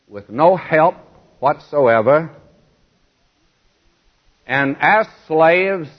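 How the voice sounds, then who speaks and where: A man's voice: on the high side, dull audio. A man preaching a sermon, emphatic, asking his listeners questions as he goes.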